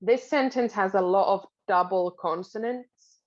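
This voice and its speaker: A woman teaching Finnish pronunciation, patiently explaining and repeating each word slowly. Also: mid-range voice, darkish tone, dull audio. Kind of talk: pronunciation lesson.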